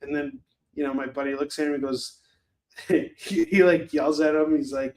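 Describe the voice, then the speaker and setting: A man's voice: a little high, steady tone, moderate pace, darkish tone. A man hosting a live shopping stream, chatting loosely, laughing and swearing freely. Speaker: live shopping show host. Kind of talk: casual livestream chat.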